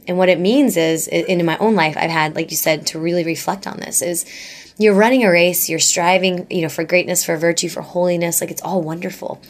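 A woman guest speaker talking earnestly about faith in an interview, with lots of "like" and restarts. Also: on the low side. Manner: earnest, gushing, many likes and restarts.

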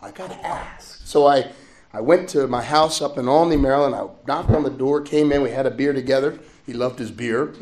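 A middle-aged man preaches in a church, sharing a personal story in a gentle, warm-hearted way. His voice sits at an ordinary pitch for a man. The sound is roomy, with echo from the hall around him. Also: fairly quick. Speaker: priest. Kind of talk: sermon.

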